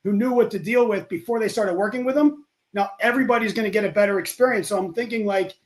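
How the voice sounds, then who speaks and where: A man appears as a guest on a studio podcast. His voice sits high for a man, and he talks with eager emphasis. He circles back and repeats his key points. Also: fast. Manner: enthusiastic, emphatic, repeats himself. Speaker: guest, real estate expert. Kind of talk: casual podcast chat.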